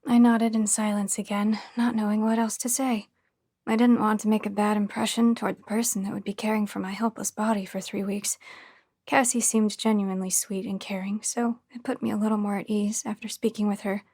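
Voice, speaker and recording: A woman reading a first-person horror story in a hushed, tense storytelling manner. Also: medium pitch, flat delivery, fairly quick, no echo, clean studio sound. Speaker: narrator.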